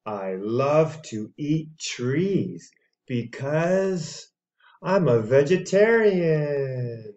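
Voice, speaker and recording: A friendly storybook dinosaur says hello and tells kids about itself, cheerful and slow, as a man reads it aloud. The tone is mellow and the recording a bit dull. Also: fairly high pitch, big pitch swings, voice pushed up, full character voice. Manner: cheerful, childlike storybook reading.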